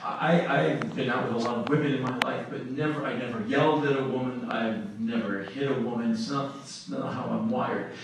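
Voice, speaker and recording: A man's voice: mid-range voice, normal speed, hardly any pauses. Middle-aged man telling a story on stage. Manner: animated, laughs through his telling. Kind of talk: live storytelling to an audience. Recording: echoey room from far off with noise.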